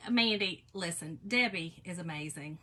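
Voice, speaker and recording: A woman's voice: fairly low pitch, moderate pace, sharp tone. A woman, chatting casually as she hosts a live craft demo and answers viewer comments. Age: 40s. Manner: chatty, reads out viewer comments, laughs often. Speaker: craft live stream host.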